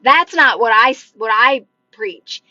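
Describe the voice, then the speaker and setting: A manifestation coach hosts a livestream, answering viewer comments in a chatty, encouraging way, dropping "like" constantly and talking with her hands. Her voice is a little high and a little slow, pushed and bright. The phone mic gives a muffled sound with no room echo and faint music in the background.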